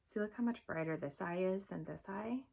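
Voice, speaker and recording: A woman's voice: lowish voice, moderate pace, creaky, darkish tone, husky. A young adult woman talking through a makeup tutorial in a chatty, upbeat, instructive way. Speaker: makeup vlogger.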